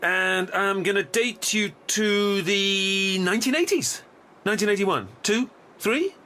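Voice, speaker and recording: A vague, rambling ancient time traveller. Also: male voice, sits high, a little slow, pushed and bright, faint music behind. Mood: musing. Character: absent-minded ancient male time traveller.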